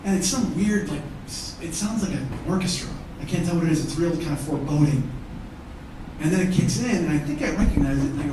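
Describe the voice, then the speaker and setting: A man doing stand-up comedy, telling a profane story and shouting out the heated parts. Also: a little high, expressive, fast talker, noisy background. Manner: profane, escalates to shouting in acted-out arguments. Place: theatre stage before a live audience. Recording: echoey theatre, mic at a distance.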